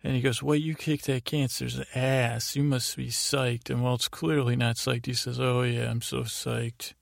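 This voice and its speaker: A man's voice: medium pitch, little pitch movement, moderate pace, vocal fry, no echo, clean studio sound. A man hosting a sleep podcast, rambling through a show recap in a meandering, self-deprecating way. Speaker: podcast host.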